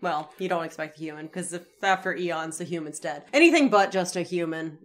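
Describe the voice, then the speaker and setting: A woman's voice: fairly low pitch, a little fast. A woman co-hosting a podcast, chatting casually about a TV episode and laughing easily. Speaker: podcast co-host. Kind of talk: casual chat recapping a TV episode.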